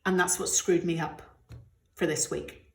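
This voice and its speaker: A woman's voice: fairly low pitch, fairly even intonation, measured pace. Chatty middle-aged British woman, roomy sound. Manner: chatty, candid, gets emotional. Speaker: budgeting vlogger. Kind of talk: casual chat while counting cash.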